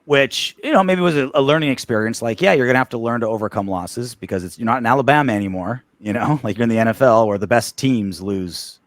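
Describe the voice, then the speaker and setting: A podcast co-host chats casually about sports, swearing and restarting his sentences rapidly. His medium-pitched voice is animated and recorded with no echo.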